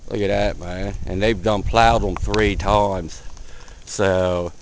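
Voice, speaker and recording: Excited man filming a blizzard. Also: low voice, slow, a little hiss or hum, rough recording. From Delaware, USA. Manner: excited, repeats himself, calls viewer man. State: out of breath, face numb from cold. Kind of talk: casual running commentary while filming. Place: outdoors in a blizzard, wind and snow. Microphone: handheld camera mic.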